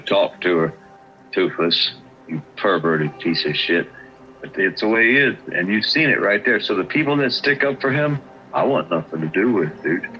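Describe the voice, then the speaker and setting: A man's voice: low voice, lively intonation, normal speed, lo-fi sound, soft background music. An angry man talking bluntly on a livestream, swearing at someone he despises. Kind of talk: heated livestream talk.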